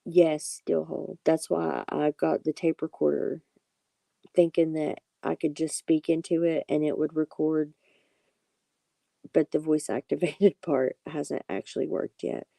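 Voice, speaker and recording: A woman with a heavily gravelly, very dark and mellow voice, reassuring her viewers one by one in a casual live-stream chat. The sound is dry and close, and her pitch stays flat and unhurried. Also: no echo. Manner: reassuring, talks directly to viewers by name. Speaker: tarot reader hosting a live stream.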